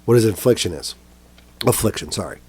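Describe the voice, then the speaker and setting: A man as a podcast guest in casual chat, retelling scenes with lively quoted voices. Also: lowish voice, fairly quick, breathy edge. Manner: animated retelling, acting out quotes.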